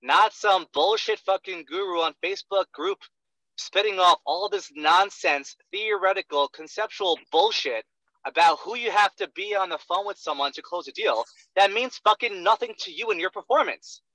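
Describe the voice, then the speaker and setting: A young man coaches a sales trainee in a blunt, profane rush, hammering each point and checking in with "right?" again and again. His voice sits a little high and very bright, and the dry, close sound comes through a dull lo-fi recording. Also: normal speed, dry recording. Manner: profane, emphatic, keeps asking "right?". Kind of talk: blunt one-on-one coaching talk.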